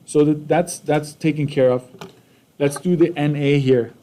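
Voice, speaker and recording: A man's voice: fairly high pitch, fairly even intonation, measured pace, warm tone. A man with a Canadian accent teaching a math lesson casually, often checking in with "right?" and "okay?".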